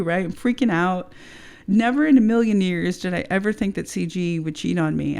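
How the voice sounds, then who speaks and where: A woman's voice: medium pitch, gravelly, darkish tone. A woman in her thirties from the United States, casually recounting a personal story with lots of fillers, swearing and "right?". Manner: casual, profane, many fillers and rhetorical "right?". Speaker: podcast guest telling her story. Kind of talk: candid storytelling chat.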